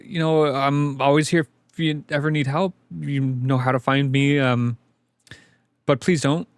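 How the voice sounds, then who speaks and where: A man's voice: mid-range voice, flat delivery, measured pace, dry recording, lightly acted. A man voicing a laid-back stoner woman who swears casually in a drawling, slangy way.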